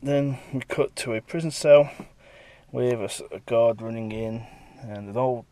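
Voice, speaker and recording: A man's voice: medium pitch, fairly even intonation, unhurried, dark tone, no echo. A man, a comic artist, rambling casually through his pages and acting out bits of the dialogue.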